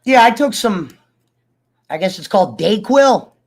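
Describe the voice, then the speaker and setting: Slow-talking coughing man. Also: high voice, lively intonation. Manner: profane, laughing, joking. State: coughing, sick. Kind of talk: casual rambling chat to viewers.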